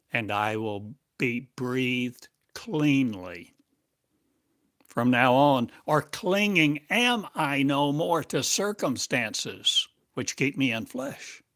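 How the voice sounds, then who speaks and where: A man speaks as a spiritual teacher in a channeled monologue, stretching each phrase out at a very slow, deliberate pace. He keeps asking rhetorical questions, and his voice sits mid-range. The recording is dry, with no room sound around him. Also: medium pitch, a bit bright, dry recording.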